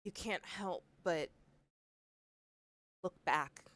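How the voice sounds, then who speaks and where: Low-voiced woman narrating a game. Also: extremely slow, fairly bright tone, no echo. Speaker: game master.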